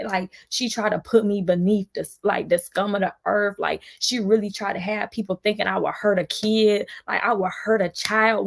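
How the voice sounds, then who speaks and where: Woman, livestream rant, heated venting, gravelly voice. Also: mid-range voice. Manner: heated, fast, repetitive venting with frequent restarts. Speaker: vlogger on a livestream.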